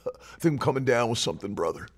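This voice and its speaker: A man putting on the voice of a doubting churchgoer who complains he is falling sick, mumbling and halting, lower and quieter than his own voice. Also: animated, heavily acted. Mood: mopey. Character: mopey doubting churchgoer, sickly, hesitant.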